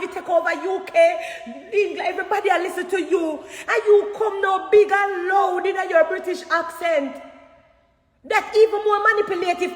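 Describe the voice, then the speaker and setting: A Jamaican woman talking to her fans on a phone livestream, emphatic and animated, at times shouting. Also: very high-pitched. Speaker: dancehall artist addressing fans. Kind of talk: casual livestream talk. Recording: echoey room with long reverb.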